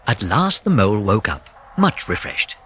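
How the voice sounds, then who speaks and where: Expressive storybook narrator. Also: mid-range voice, moderate pace, a little hiss or hum. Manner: expressive, with whispered suspense. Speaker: audiobook narrator.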